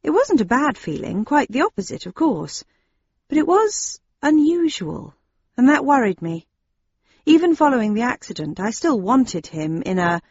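A woman reads a first-person story in a wry, expressive storytelling manner. Her voice is a touch husky and breathy, recorded very dry and slightly dull. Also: on the high side, moderate pace, no room sound. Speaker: audiobook narrator. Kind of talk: first-person audiobook narration.

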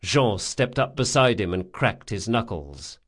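Expressive male audiobook narrator. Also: lowish voice, measured pace. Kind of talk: scripted narration.

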